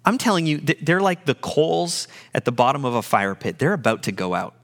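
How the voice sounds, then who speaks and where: A man preaching a sermon, animated, often repeating words as he goes and acting out the quoted lines. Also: mid-range voice, brisk, big-room sound. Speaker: pastor.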